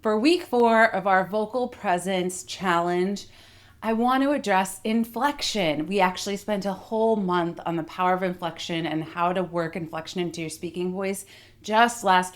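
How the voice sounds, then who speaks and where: Articulate woman voice coach, low-pitched. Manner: clear, articulate, demonstrates vocal techniques. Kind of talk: instructional video lesson.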